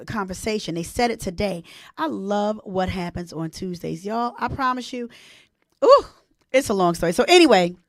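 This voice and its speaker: A woman in her 40s hosts a casual live-stream chat, talking to her viewers in a chatty, emotional way. Her voice sits at medium pitch, and the recording is dry with clean studio sound.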